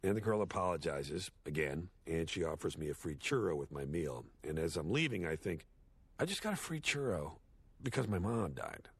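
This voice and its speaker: A washed-up cartoon horse with a gravelly, husky low voice. His pitch swings widely as he rambles through sardonic, self-deprecating jokes, recorded close and dry. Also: sing-song, moderate pace, no echo, full character voice. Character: washed-up male horse sitcom star, sardonic, self-loathing. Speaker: eulogy speaker. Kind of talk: animated series dialogue, comic monologue.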